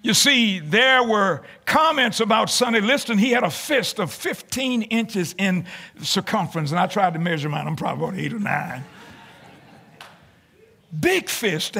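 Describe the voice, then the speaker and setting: A man preaching a sermon in church, emphatic, building to shouted lines and repeating his phrases. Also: extremely high pitch, very animated, unhurried, gravelly.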